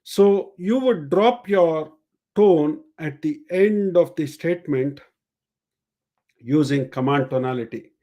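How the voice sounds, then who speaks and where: A man with a somewhat high-pitched voice runs a live-streamed coaching session. He explains step by step, repeats his main points and demonstrates each way of speaking. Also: takes it slowly, dark tone, dull audio. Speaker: sales and communication coach.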